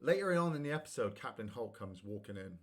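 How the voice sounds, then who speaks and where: Male gaming streamer, casual rambling chat, bursts of loud excitement, mid-range voice. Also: medium pitch, quick pace. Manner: rambling, animated, prone to sudden shouts at the game. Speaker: streamer playing a video game.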